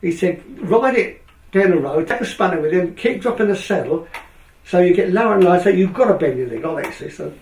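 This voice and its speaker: Speaking fairly quickly in a high voice, an older Englishman who rode speedway tells a long anecdote. He's an animated storyteller, acting out other people's lines, and the recording is echoey and distant.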